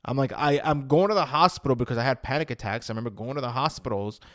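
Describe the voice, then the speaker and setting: A man's voice: medium pitch, fast talker, fairly bright tone, no room sound, studio quality. A man telling his personal story, re-enacting his own past words with rising emotion and saying "I'm like" again and again.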